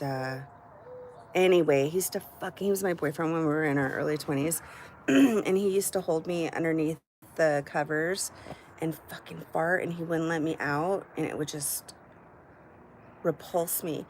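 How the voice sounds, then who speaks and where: A woman's voice: deep voice, moderate pace, darkish tone, slight background noise. A middle-aged woman hosting a live stream from home, chatting casually and candidly with her viewers and swearing freely. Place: at home, indoors.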